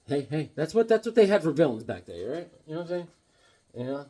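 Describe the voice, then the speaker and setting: A man's voice: on the high side, sing-song, brisk, warm tone. A man casually chatting about his comic books, rambling and cracking corny one-liners. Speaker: comic book vlogger. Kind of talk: casual comedic chat.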